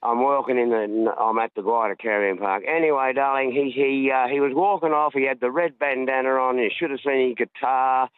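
A man's voice: medium pitch, fairly even intonation, a little fast, hardly any pauses, smooth, no room sound. Australian man rambling down a phone line. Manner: chatty, rambling storyteller. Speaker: caller. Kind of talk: phone-in radio chat.

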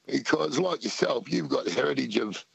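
A man's voice: mid-range voice, expressive, moderate pace, vocal fry, breathy edge, dry recording, lo-fi sound. An Australian man calling in to a radio show, chatting casually and rambling through anecdotes, often saying mate. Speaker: caller. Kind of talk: casual call-in chat.

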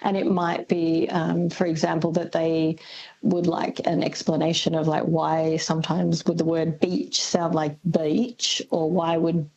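A woman's voice: low-pitched, little pitch movement, a little slow, a little mellow, muffled recording. A woman linguist, answering radio interview questions thoughtfully with many ums and restarts. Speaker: linguist guest.

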